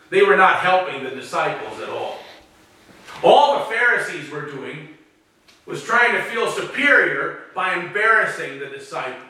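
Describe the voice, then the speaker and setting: A man's voice: sits high, pushed and bright. A man preaching a sermon in a dramatic way, acting out the voices he quotes. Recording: very echoey room, speaker far from mic.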